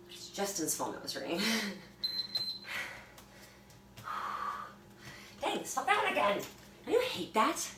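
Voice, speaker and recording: A woman's voice: mid-range voice, wildly swooping pitch, slow, long pauses, far from the mic. Woman fitness coach, chatty, cheering on, phone mic across the room, roomy echo, background noise. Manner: chatty, cheering on between breaths. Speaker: fitness instructor. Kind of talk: workout class instruction. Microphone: phone camera from a distance.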